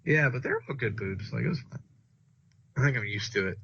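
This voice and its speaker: A man's voice: mid-range voice, expressive, fairly quick, vocal fry, sharp tone, breathy edge. A young man talks casually with a friend, rambling through stories and slipping in swear words. His voice sits mid-range for a man. The recording is dull and lo-fi. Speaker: podcast co-host. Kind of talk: casual chat. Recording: dull lo-fi sound.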